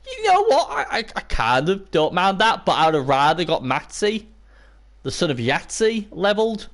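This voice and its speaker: A hoarse man calls a video game match live, his voice worn from the night before. His pitch swings widely from low grumbles to sudden squeaky cheers, and he talks to the chat like old friends. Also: normal speed. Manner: excitable, bursts into high yelps and cheers; chatty, talks to viewers and chat by name. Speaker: live stream commentator. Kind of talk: casual video game commentary.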